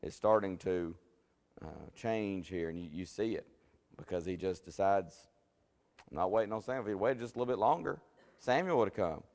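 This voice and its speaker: A man's voice: sits low, animated, moderate pace, a little mellow. A man teaching a Bible study in a church, folksy and conversational with many restarts. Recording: long church hall reverb.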